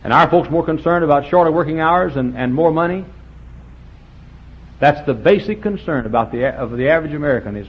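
A man's voice: animated, a little fast, husky. Thundering preacher man. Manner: thundering preacher, swings from shouting to low quiet. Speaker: pastor. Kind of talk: fiery revival sermon. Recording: dull lo-fi with faint hiss.

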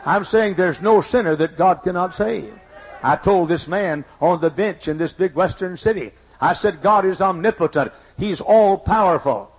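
Older male pastor, husky and slightly high-pitched, emphatic sermon delivery on a dull lo-fi recording. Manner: emphatic preaching, repeats key lines, folksy asides. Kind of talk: sermon with personal stories. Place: church sanctuary.

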